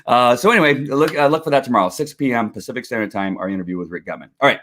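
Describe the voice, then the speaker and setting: The host of a faith and politics livestream, a middle-aged man, races along in a mid-range voice with a fairly bright tone. It's a casual, rambling delivery, with frequent restarts and chuckles.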